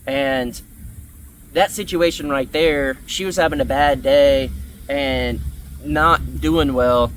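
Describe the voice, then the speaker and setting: A man's voice: mid-range voice, fairly even intonation, takes it slowly, a little hiss or hum. A young man telling a story in an earnest, rambling way, with many fillers, on his vlog. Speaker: vlogger.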